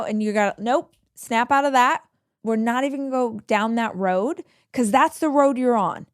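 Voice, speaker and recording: A woman's voice: a little high, normal speed, dry recording, studio quality. A woman hosting a podcast and giving advice in an earnest, emphatic way. She often repeats her key phrases. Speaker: podcast host. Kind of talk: advice monologue.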